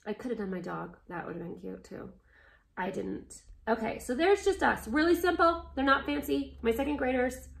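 Gravelly, expressive woman teacher. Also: fairly high pitch, normal speed. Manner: expressive, animated storytelling with asides. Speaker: art teacher. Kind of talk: reading a picture book aloud, then teaching.

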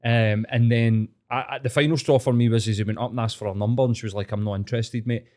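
Scottish man, Glaswegian accent, podcast host, sweary and animated, mid-range voice. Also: medium pitch, fast talker. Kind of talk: casual chat.

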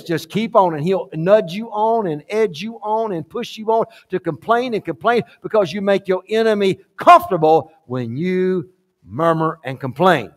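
Emphatic man preaching a sermon. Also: high voice. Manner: emphatic preaching, repeats phrases, swings from quiet to loud. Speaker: pastor. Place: church sanctuary.

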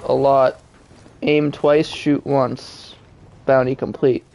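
A young man in casual gaming chat who gets excitable and yells over and over when he needs help. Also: medium pitch, slow pace, gravelly. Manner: excitable, yelling and repeating himself when downed. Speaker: gamer.

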